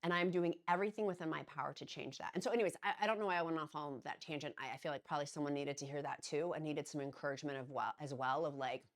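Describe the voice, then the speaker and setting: A woman's voice: deep voice, steady tone, rapid-fire, hardly any pauses. A middle-aged woman vlogging in a chatty, earnest way, rambling at times and restarting her sentences. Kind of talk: casual encouraging talk to camera.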